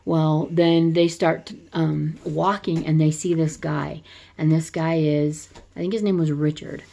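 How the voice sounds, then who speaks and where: Low, mellow-voiced woman recapping a movie. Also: level tone, measured pace, creaky. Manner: rambling, with frequent restarts and self-corrections; chatty, laughs while retelling. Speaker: movie reviewer. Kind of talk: casual spoken movie recap.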